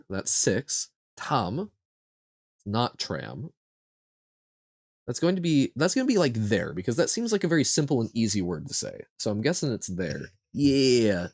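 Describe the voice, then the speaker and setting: A man streaming a live quiz, thinking aloud and haltingly sounding out foreign words as he guesses. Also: medium pitch, dry recording.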